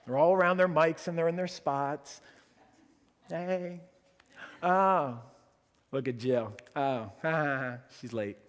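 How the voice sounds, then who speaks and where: A man preaching a sermon as pastor, telling a story in an animated way and acting out the quotes. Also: on the high side, slow pace, long pauses. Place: church sanctuary. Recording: long church reverb.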